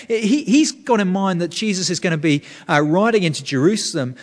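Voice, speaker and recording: Earnest preacher in a reverberant hall. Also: male voice, high-pitched, animated, brisk, few pauses. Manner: earnest, explanatory, with frequent restarts. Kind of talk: sermon.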